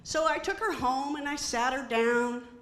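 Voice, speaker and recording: A middle-aged woman performing a stand-up comedy set, animated and acting out quoted voices. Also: sits high, a little slow, roomy sound. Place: comedy stage before an audience.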